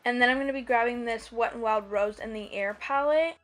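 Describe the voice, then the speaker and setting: A woman's voice: fairly high pitch, a little fast, soft background music. A young woman narrating a casual makeup tutorial as a voiceover, chatty and rambling with many ums and likes. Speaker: beauty vlogger. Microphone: voiceover mic.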